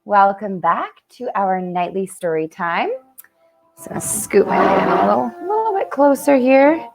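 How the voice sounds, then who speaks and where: A woman reading a bedtime story aloud at home at night, with chatty asides. Her pitch moves in a lively, expressive way as she narrates. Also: moderate pace, creaky, faint music behind. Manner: chatty, warm asides between read passages. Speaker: camp storyteller.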